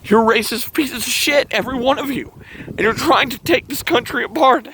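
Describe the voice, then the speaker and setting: A man hosting his own channel, delivering a heated, emotional monologue to camera, swearing often and pausing to sigh. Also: very high-pitched, pushed and bright, a little hiss or hum. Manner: angry, profane ranting with sighs and restarts. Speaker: channel host.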